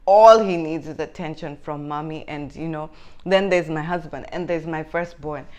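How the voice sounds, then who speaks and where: A young woman with a somewhat low voice speaks candidly and earnestly. She gives heartfelt motherhood advice straight to her viewers in a vlog. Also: moderate pace, darkish tone. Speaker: mother vlogger.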